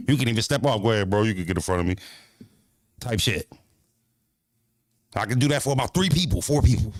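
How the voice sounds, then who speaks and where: A man's voice: medium pitch, no room sound, clean studio sound. A man streaming casually as a battle-rap commentator, talking in a brash, profane, rambling way and repeating himself.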